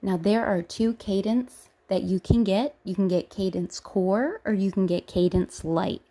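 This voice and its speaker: A woman's voice: mid-range voice, a little slow. Woman vlogger, chatty and upbeat, walks viewers through an app review. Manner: excited, chatty, addresses viewers directly. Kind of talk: casual screen-walkthrough chat.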